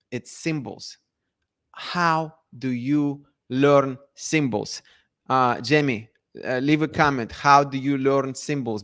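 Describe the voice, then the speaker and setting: A man's voice: mid-range voice, a bit bright, no echo, clean studio sound. A man hosting a casual livestream, chatting and reading out viewer comments, laughing often. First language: Russian. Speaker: livestream host.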